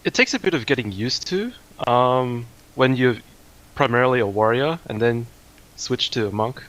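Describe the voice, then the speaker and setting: A man's voice: mid-range voice, lively intonation, moderate pace, a bit bright, low-quality recording. Hesitant Australian man on voice chat. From Sydney, Australia. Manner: hesitant, brief answers with fillers. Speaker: guest player. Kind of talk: casual voice chat.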